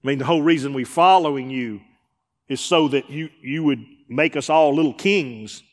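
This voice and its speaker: A man preaching a sermon with a high-pitched voice, his words ringing through a long hall reverb. He slips into voices of the people he quotes, rising loud and then falling to a hush. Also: normal speed. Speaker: pastor. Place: church sanctuary.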